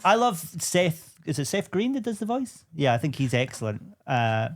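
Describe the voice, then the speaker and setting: A man guesting on a comedy podcast, rambling through jokes in a deadpan way. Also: a little high, normal speed. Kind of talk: casual comedy chat.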